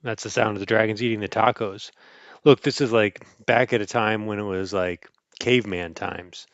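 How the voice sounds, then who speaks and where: A man casually reading a picture book aloud to a child, playful and animated, adding sound effects and chuckles. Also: on the low side, moderate pace, no echo, dull audio. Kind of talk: casual storybook read-aloud.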